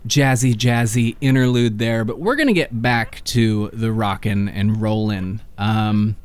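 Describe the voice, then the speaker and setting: A man's voice: lowish voice, unhurried, clear, resonant tone. A man in his thirties hosting a radio music show in a laid-back, self-deprecating way, chatting casually between songs. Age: 30s.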